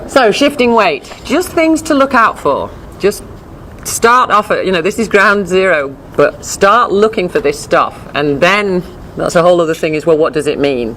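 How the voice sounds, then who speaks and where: Give me a chatty, animated woman with a low-pitched voice teaching a class. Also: normal speed, slight background noise. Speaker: dog behavior instructor. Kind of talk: informal lecture with slides.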